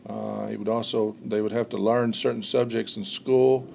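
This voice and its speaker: A man with a gravelly, mellow voice walks students through a history lesson. He explains step by step, stopping on "uh" and doubling back on words. A faint hiss sits under the recording. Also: on the low side, flat delivery, normal speed. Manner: explanatory, frequent "uh" fillers, repeats words. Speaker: history teacher. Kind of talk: recorded classroom lecture.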